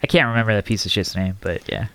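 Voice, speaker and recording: A man co-hosting a podcast, chatting casually and animatedly, swearing freely and jumping up in pitch when excited. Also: quick pace, dry recording. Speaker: podcast co-host. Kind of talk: casual chat.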